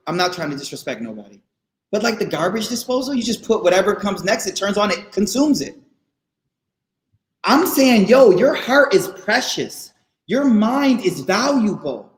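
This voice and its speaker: Male guest speaker, high-pitched, casual and animated with students, repeats lines for emphasis; echoey room sound. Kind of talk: casual faith talk to students. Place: online session, room not known. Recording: roomy echo.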